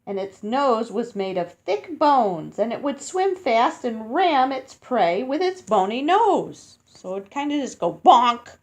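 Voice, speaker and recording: A woman's voice: on the high side, sing-song, a little slow, few pauses. A woman reading a picture book aloud to children, stopping to explain words, sound out hard names and ask them questions.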